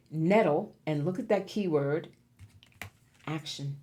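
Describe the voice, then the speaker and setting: A woman with a low, dark voice speaks at a slow pace as she gives viewers a pick-a-card tarot reading. She's encouraging and emphatic, repeating key words for effect.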